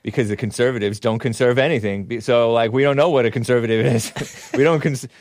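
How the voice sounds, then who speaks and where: A man's voice: medium pitch, fast, a little mellow, no room sound, clean studio sound. A man hosting a talk show, giving sarcastic, chuckling commentary while reading out chat comments.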